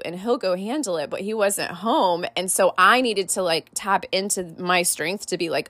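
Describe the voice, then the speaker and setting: A woman's voice: medium pitch, moderate pace, few pauses, bright, forceful tone, no room sound. Candid woman coach telling a story. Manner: casual and candid, many "like" and "right?" fillers. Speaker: podcast host and life coach. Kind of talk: personal storytelling podcast.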